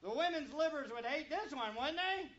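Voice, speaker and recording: Slow bright preacher, high voice, drops quiet then punches loud, muffled lo-fi sound. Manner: rhetorical questions to the congregation; animated, swings between loud and quiet. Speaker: pastor. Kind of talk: sermon. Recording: dull lo-fi recording.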